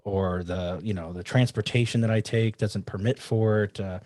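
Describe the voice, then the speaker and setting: A man's voice: lowish voice, normal speed, no echo, clean studio sound. A man hosting a podcast, chatting casually and asking follow-up questions. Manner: relaxed, chatty, asks follow-ups. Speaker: podcast host. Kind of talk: casual chat.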